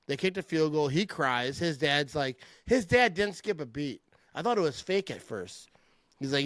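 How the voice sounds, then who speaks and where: A middle-aged man with a fairly high voice hosts a casual sports chat. He talks animated and trash-talking, and laughs often. The sound is dry and close, with no room in it. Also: normal speed, dry recording. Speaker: podcast host.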